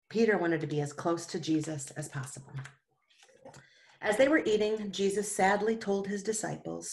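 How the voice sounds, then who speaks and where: A woman teaching a Sunday school lesson, telling a Bible story to children and gently asking them questions along the way. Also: lowish voice, moderate pace.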